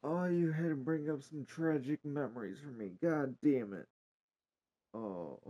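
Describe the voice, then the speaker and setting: A man's voice: a little high, normal speed, dark tone, highs cut off. A man giving casual let's-play commentary, swearing often and reacting with emotion. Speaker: gaming YouTuber. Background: game music.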